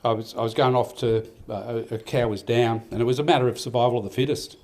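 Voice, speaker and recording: At a farmers' awards night in an event hall, the event organiser, an older Australian man, delivers a rambling, heartfelt speech full of restarts. His voice is medium-pitched and darkish. He speaks quickly but in a steady tone.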